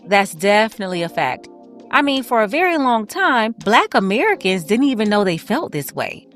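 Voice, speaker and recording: A woman's voice: medium pitch, big pitch swings, normal speed, a bit bright, soft background music. A woman commentator speaking in a wry, egging-on way.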